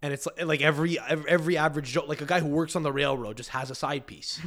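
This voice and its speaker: A man's voice: on the high side, fast, a bit bright. A young man hosting a podcast, riffing casually with crude profanity and rambling restarts. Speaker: podcast host.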